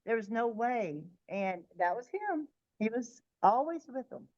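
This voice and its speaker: A woman's voice: on the high side, dull audio. Woman telling a vivid personal story. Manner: vivid, animated, quick, sometimes restarting. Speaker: guest sharing her near-death experience.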